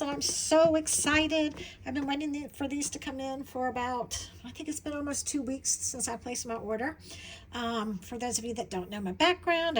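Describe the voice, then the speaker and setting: A woman gushes through an unboxing vlog in a bubbly, exclamatory way. Her voice sits a little high. A faint hum of room noise runs behind her. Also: low-quality recording. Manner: gushing, exclamatory, giggly. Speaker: vlogger. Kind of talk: excited unboxing chat.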